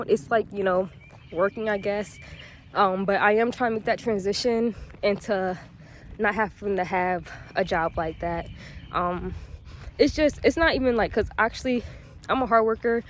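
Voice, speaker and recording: A woman's voice: mid-range voice, slight background noise. A woman in her twenties chatting casually to viewers in a vlog, rambling with lots of filler words, recorded outdoors in a park on a phone camera. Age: 20s. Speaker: vlogger.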